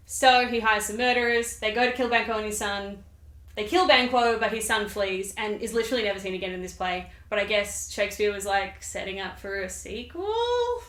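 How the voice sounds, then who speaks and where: A woman's voice: mid-range voice, animated, a little fast, a bit bright. A woman hosting a comedic summary of a play, chatty and sarcastic, with rambling asides. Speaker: video host. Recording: roomy echo.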